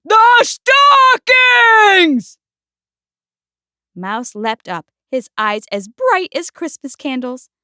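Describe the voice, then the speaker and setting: A woman gently and expressively reading a picture book aloud. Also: on the high side, big pitch swings, unhurried, few pauses, dry recording, clean studio sound. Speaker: storyteller.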